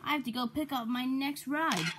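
A woman's voice: sits high, moderate pace, background noise, pitched above the performer's own voice, lightly acted. A woman voicing a friendly male tour vehicle with a chirpy manner.

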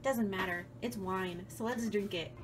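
Bubbly and prone to giggles despite having a cold, a young woman who vlogs and streams chats casually from her home kitchen and computer desk. She speaks at a medium pitch and an unhurried pace, against a noisy background.

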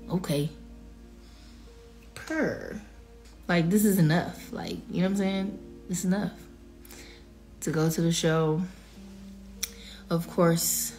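A woman in her thirties chatting loosely on a livestream, her voice sitting a little low. She is teary and choked up, holding back tears while reading out viewers' names. Faint music plays behind her. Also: unhurried, long pauses, a little mellow. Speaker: singer addressing livestream viewers. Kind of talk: emotional livestream chat.

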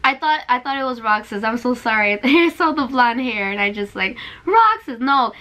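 A woman's voice: a little high, moderate pace, pushed and bright. A young woman reacting to a game trailer in a vlog, exclaiming and tearful. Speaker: video reactor. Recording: trailer music playing behind.

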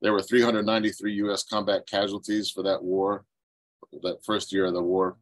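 Man, 50s, from the US, very low voice, earnest and emotional, halting, video call, dry close sound. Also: little pitch movement, dry recording, low-quality recording. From United States. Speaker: presenting ceramic artist, veteran. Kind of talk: webinar presentation. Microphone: computer mic on video call.

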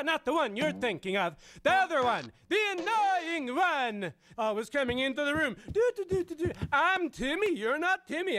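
A man voicing an excitable Swedish comedian who rants indignantly about everyday things, with a Swedish accent. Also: very high-pitched, slight background noise, full character voice. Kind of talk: cartoon voice acting.

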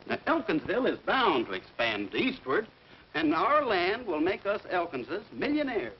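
A man's voice: sits high, wildly swooping pitch, normal speed, gravelly, exaggerated voice. An actor playing a stubborn middle-aged family man who blusters and fusses in comic exasperation, in a 1940s film. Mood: earnest. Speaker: father and husband. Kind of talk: 1940s film comedy acting. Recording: dull 1940s film soundtrack with faint hiss.

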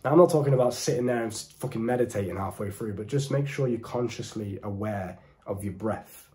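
A young man with a British accent giving direct-to-camera dating advice in an emphatic, deliberate, preachy way. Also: fairly low pitch, a little mellow. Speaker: dating coach.

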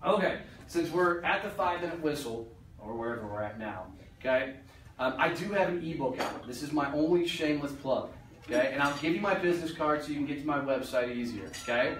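A man's slightly high, fairly bright voice moves briskly through a motivational talk for a business audience, full of blunt jokes and casual swearing. The meeting-room recording has a roomy far-off echo and a little hiss or hum.

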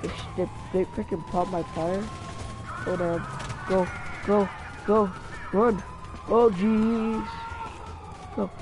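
His voice sits high as he comments solo on his gameplay, slowly and with frequent pauses, excitably muttering and cursing at the game. Music plays underneath, and the audio quality is poor.

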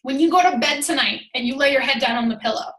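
A woman coaching her team on a call, talking in an energetic, emphatic rush filled with "like"s. Her voice sits high and sounds bright and forceful. The room around her gives it a noticeable echo. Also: fast talker. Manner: energetic, emphatic, chatty with many "like"s. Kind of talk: motivational team call talk. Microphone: call audio.

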